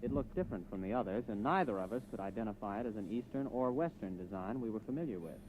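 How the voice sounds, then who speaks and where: A man's voice: lowish voice, lively intonation, fast, darkish tone, slight background noise, lightly acted, rough recording. An actor in his twenties playing a brash young American rocket captain with a Brooklyn accent, breezy and plainspoken, who also narrates. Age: 20s.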